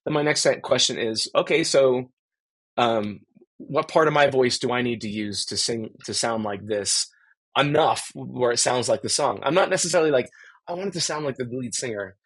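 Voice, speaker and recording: A middle-aged man with a husky, slightly breathy voice at a middle pitch, thinking aloud in long, looping answers. He restarts phrases and pads them with fillers as he works through his ideas in a relaxed interview. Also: moderate pace. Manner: rambling and reflective, many fillers and restarts. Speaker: guest musician.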